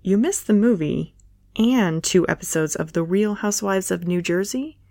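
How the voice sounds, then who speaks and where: A woman reading a dry, teasing young man with a slightly lowered voice in a romance story. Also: normal speed, gravelly, a little mellow, dry recording, lightly acted. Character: young adult man, dry, joking, easygoing.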